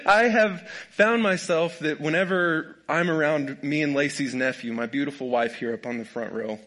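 A man's voice: on the high side, normal speed, fairly bright tone. A young man preaching a humorous sermon, folksy and joking, often laughing at his own stories. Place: church sanctuary with a congregation.

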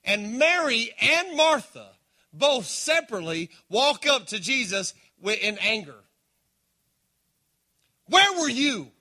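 A man delivers a sermon, his voice sitting high and ringing bright. He drives points home with bursts of force, then pulls back to quiet, earnest appeals. He calls out to the congregation as he goes. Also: animated, unhurried. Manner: impassioned preaching, swinging between loud emphasis and hushed appeals. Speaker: pastor.

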